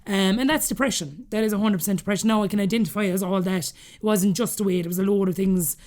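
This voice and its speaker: Irish woman in her 30s rattling off a personal story, acts out the back-and-forth, talks quick. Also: medium pitch. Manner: rapid, animated, acts out quoted dialogue. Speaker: podcast guest.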